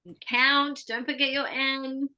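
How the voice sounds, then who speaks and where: Australian female pronunciation coach; bright, slightly high voice; patient, models each word clearly. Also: lively intonation, moderate pace. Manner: explains patiently, models words for repetition. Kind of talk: one-on-one pronunciation lesson.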